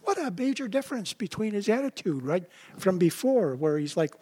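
A pastor preaches a sermon in a high, slightly breathy voice at a moderate pace, keeping it relaxed and conversational. He keeps checking in with "right?" and "you know," and acts out quoted voices with sudden jumps in pitch.

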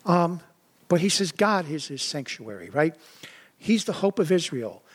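A man preaching a sermon in a high voice, relaxed and conversational. He keeps checking in with "right?" and "you know", and acts out quoted voices with sudden rises in pitch. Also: unhurried, slightly rough. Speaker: pastor.

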